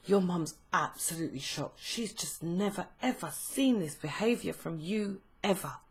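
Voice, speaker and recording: A woman giving a tarot reading, told as a slow, emotive second-person story with frequent pauses. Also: lowish voice, animated, slightly rough. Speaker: tarot reader.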